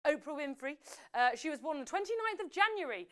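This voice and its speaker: A woman hosting a live quiz, chatty and lively, often correcting herself as she goes. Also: sits high, fast. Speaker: quiz host.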